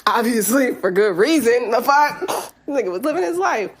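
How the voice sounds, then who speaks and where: A woman's voice: a little high, animated, moderate pace, husky. A woman in her thirties hosting a podcast, telling a personal story frankly and with plenty of swearing, laughing often as she talks. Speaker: podcast host.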